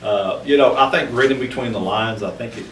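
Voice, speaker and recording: A man's voice: medium pitch, a little fast. A man talking through Old West history in a casual discussion, with many fillers and restarts. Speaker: podcast co-host, history researcher. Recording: roomy, distant mic with faint noise.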